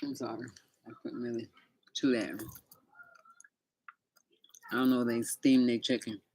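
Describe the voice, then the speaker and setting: A woman's voice: a bass voice, level tone, unhurried, warm tone, slightly rough. Chatty middle-aged woman telling stories. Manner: chatty, talks straight to viewers as y'all. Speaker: vlogger. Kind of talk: casual storytelling.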